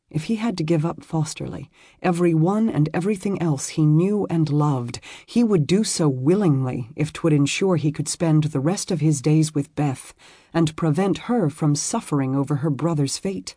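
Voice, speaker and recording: An audiobook narrator reading a historical romance in steady, measured storytelling. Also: medium pitch, husky, no echo, clean studio sound.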